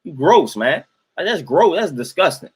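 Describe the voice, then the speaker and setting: With a fairly high, very animated and husky voice at normal speed, a young host rants to his live chat, exasperated and emphatic, repeating himself for effect.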